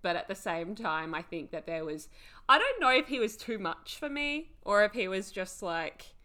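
A woman co-hosting a casual recap podcast, animated and full of hesitant fillers. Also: medium pitch, normal speed. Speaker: podcast co-host.

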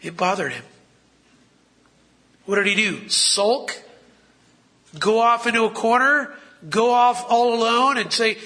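A man's voice: extremely high pitch, takes it slowly, long pauses, pushed and bright. A man preaching a sermon in a conversational way, asking the listeners rhetorical questions.

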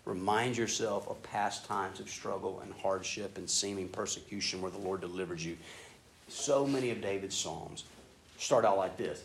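A man preaching a sermon in a casual, animated way, acting out prayers in an excited voice. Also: deep voice, normal speed, creaky. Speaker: pastor. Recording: echoey room with faint ambient noise.

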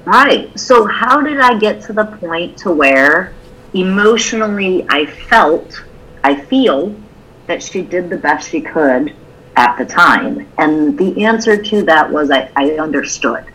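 A woman's voice: lowish voice, lively intonation, slow pace, a bit bright, husky, poor audio. A woman co-hosting a podcast, telling a personal story in a candid, open way during a casual conversation. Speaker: podcast co-host.

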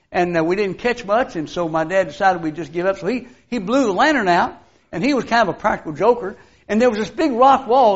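Older preacher swinging hushed to loud. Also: male voice, sits high, highs cut off. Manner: folksy storytelling, swinging from hushed to loud exclamations. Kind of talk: sermon.

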